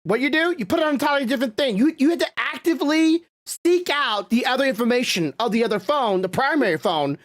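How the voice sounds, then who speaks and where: A woman co-hosting a podcast in casual chat, rambling with halting restarts and mild swearing. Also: high-pitched, lively intonation. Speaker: podcast co-host.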